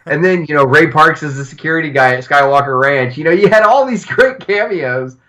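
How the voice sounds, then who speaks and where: Animated, swearing male podcast host. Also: fairly high pitch, a little fast, rough recording. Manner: animated storytelling, swears freely, acts out quotes. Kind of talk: casual podcast chat.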